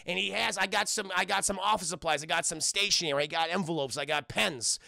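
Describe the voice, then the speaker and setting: A man voicing a shifty male penguin street hustler who pushes his wares with fast, swearing sales patter. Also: high-pitched, creaky, bright, forceful tone, dry recording, heavily acted. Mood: pushy.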